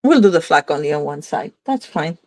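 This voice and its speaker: A woman with a lowish voice hosting a crafting video in a relaxed, chatty way. She talks to herself as she works and keeps catching and correcting her own slips. The sound is dry and close. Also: a little fast, dry recording. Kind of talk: casual crafting demo chat.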